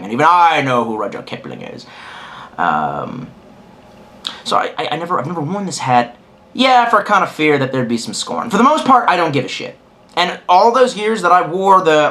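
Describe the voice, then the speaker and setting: A man's voice: on the high side, sharp tone. A young man talking straight to camera in a crude, sarcastic, rambling monologue full of profanity. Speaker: vlogger.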